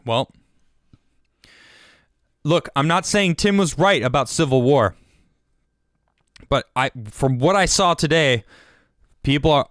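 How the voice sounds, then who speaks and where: A man's voice: medium pitch, fairly bright tone, clean tone, no echo, clean studio sound. A man hosting a livestream and giving heated political commentary. He stammers, restarts and repeats his words. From United States. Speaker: show host.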